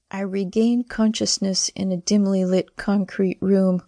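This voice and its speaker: A woman's voice: medium pitch, little pitch movement, measured pace, hardly any pauses, warm tone, no room sound. A woman reading a first-person audiobook narration in a wry, sardonic manner.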